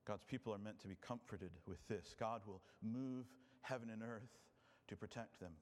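A man preaching a sermon as a pastor, expressive, moving between loud emphasis and quiet, low passages. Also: normal speed, in a large hall.

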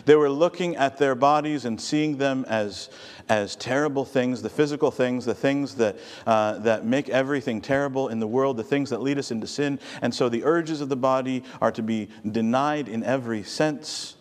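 A man's voice: medium pitch, normal speed. A man pastor delivering a sermon in a conversational, storytelling way to a congregation. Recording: long hall reverb.

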